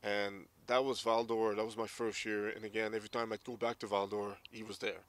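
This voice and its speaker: A man's voice: lowish voice, flat delivery, fairly quick. A man around forty, a former hockey player, candidly recounting his memories in an interview. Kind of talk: casual interview storytelling.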